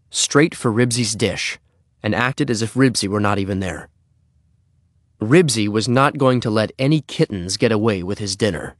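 A man reading a children's story aloud in an expressive way. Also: on the low side, no room sound, clean studio sound. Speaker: narrator.

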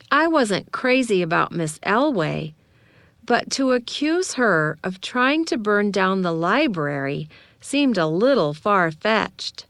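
A woman narrating a children's novel in a measured, gentle storytelling manner. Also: medium pitch, no echo. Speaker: audiobook narrator.

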